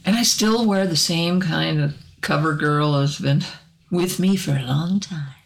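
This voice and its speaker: A woman from Arkansas with a Southern accent, co-hosting a casual podcast chat, chatty and quick to laugh. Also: sits low, gravelly. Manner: chatty, laughs often, animated storytelling. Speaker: podcast co-host.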